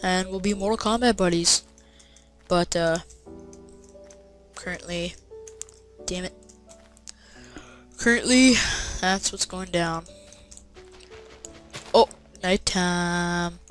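Woman gamer, casual let's-play commentary, rambling, jumps to loud shouts, slightly low voice. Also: slow, long pauses, soft background music, rough recording. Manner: rambling and excitable, with many "uh" fillers and bursts of shouting. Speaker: gameplay commentator.

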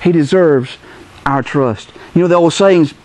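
A middle-aged male pastor preaching with animated energy. His voice sits fairly high. He acts out the people he quotes with lively jumps in pitch. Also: unhurried. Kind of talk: sermon.

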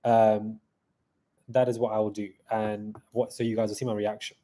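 A man's voice: fairly low pitch, flat delivery, normal speed, warm tone. A man hosting a live stream in a casual chat, reading out viewer comments, thanking viewers and answering them on the fly.

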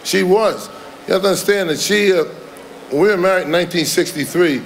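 A man's voice: high-pitched, fairly quick, a little hiss or hum. Older man giving a folksy, rambling speech. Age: 70s. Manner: folksy, rambling, chuckling at his own jokes. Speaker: Hall of Fame inductee. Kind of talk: induction speech. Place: large hall with audience.

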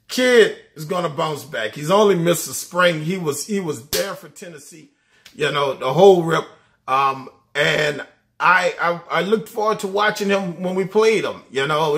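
A man's voice: high-pitched, pushed and bright. A man talking college football casually, enthusiastic, laughing often and repeating his words. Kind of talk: casual sports talk.

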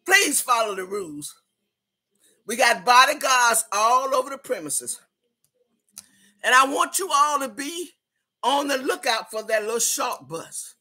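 A woman doing a bossy big party hostess, slow and hollering, bright voice, a bit out of breath. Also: high-pitched, animated, exaggerated voice. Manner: hollering, drawn-out, Southern-style slang. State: a little out of breath. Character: loud brassy big woman hosting a party club. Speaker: host. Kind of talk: comedic character monologue.

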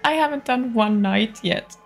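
Finnish-accented young woman streamer, unhurried and gravelly, jumpy, whispers at times. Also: fairly high pitch, animated, soft background music. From Finland. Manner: chatty, jumpy, drops to whispers. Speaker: game streamer. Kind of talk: live-stream horror game commentary. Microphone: desktop studio mic.

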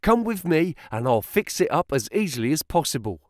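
Male reader voicing an excitable young clerk, pitched up, eager exclaimer. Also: fairly quick, no room sound, clean studio sound. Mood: excited.

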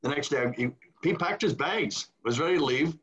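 Older priest telling a story over a video call. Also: male voice, a little high, normal speed. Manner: animated storyteller acting out quoted voices. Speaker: retired priest guest. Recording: dull lo-fi video call audio.

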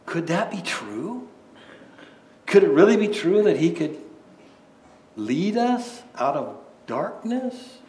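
A male pastor delivers a sermon in an unhurried, conversational way, stacking rhetorical questions and stumbling into restarts. His voice sits a little high. The room around him rings with echo. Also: sing-song, darkish tone. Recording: echoey room.

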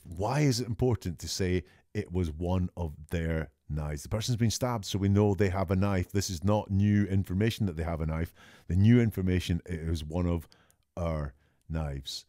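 Deep-voiced man analysing a call. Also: mellow, no room sound, studio quality. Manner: measured, deliberate, often slows for emphasis. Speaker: statement analysis commentator. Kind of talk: analytical commentary on a recorded call.

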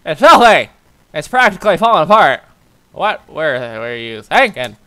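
A young gaming YouTuber with a high, bright, pushed voice and big pitch swings does let's play commentary on a horror game at a moderate pace. He jokes his way through, reads the dialogue aloud and swears, with slight background noise in the recording.

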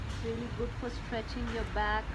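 High-voiced woman guiding kids' yoga. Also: flat delivery, very noisy. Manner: slow, gentle step-by-step instructions. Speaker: yoga instructor. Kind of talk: guided mother-and-child yoga class.

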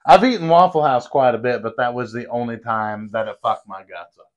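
A man hosting a podcast in loose, crude banter. He rambles through his stories, swears freely and keeps tripping over his words. His voice sits at an ordinary middle pitch. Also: fairly quick, highs cut off. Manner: profane, rambling storyteller with stammered restarts. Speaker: podcast host. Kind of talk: casual crude chat.

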